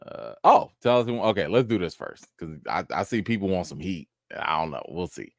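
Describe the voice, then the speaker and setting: A man hosts a live chat stream from home, his voice leaping up into loud mock indignation and then dropping to a low mumble. He talks in slangy, casual bursts full of restarts. The sound is dry and close to the mic. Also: normal speed, creaky, no echo. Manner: animated, teasing, swings between loud mock outrage and low mumbling. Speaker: host of a live chat show.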